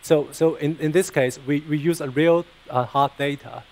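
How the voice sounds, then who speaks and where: A man's voice: on the high side, moderate pace, darkish tone, poor audio. A man answering technical questions about his research, hesitant and often repeating words. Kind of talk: technical Q&A after a talk.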